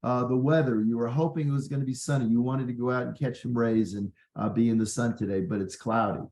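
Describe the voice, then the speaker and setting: A man's voice: medium pitch, fairly even intonation, fast, darkish tone, echoey room, rough recording. A man, a physician, hosting a workshop in an earnest, conversational way with many fillers. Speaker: physician and leadership workshop host. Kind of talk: workshop talk.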